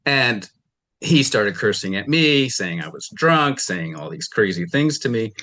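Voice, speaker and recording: A man's voice: on the low side, big pitch swings, unhurried, sharp tone. A man testifying as a litigant in a courtroom, rambling through his account and retelling arguments with quoted dialogue. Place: television courtroom.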